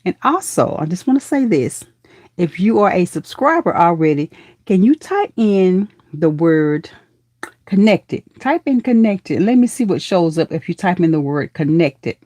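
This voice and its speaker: A woman with a fairly low voice chats through a live stream, warm with her viewers and full of honey, baby and girl. Her pitch leaps up when she greets people. The sound is dry and close, with no room around it. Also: a little slow, no room sound. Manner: lively, with pitch leaping up in excited greetings.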